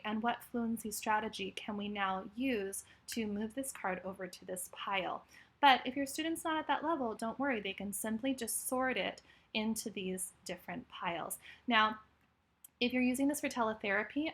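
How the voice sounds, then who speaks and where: A woman's voice: a little high, fairly bright tone. A woman, a speech therapist, walking through a therapy resource in a friendly, explanatory way with frequent fillers. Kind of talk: screen-share walkthrough tutorial.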